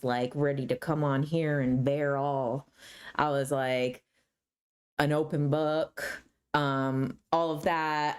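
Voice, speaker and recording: A woman in her thirties, a YouTuber telling stories casually to camera and acting out other people's lines. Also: low voice. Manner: animated, acts out her mom's voice mid-story.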